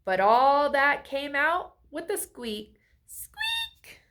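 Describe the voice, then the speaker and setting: Woman reading a storybook aloud to kids, slow and animated. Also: sits high. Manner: asks the listener friendly questions. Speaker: storybook reader. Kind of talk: children's read-aloud.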